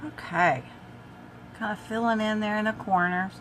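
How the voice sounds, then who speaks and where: With a steady, slightly bright medium-pitched voice at normal speed, an older woman talks her viewers through a makeup tutorial as she works. A tickle in her throat makes her cough now and then, and a little hiss or hum sits under the recording.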